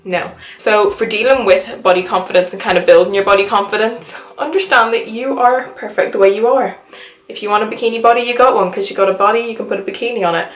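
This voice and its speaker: A woman's voice: medium pitch, fairly even intonation, quick pace, soft background music. Young Irish woman, mixed accent, chatty vlogger, echoey room. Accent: Irish, mixed with Liverpool and American. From Ireland. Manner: chatty, upbeat, lots of "like". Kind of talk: casual chat to camera. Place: her home.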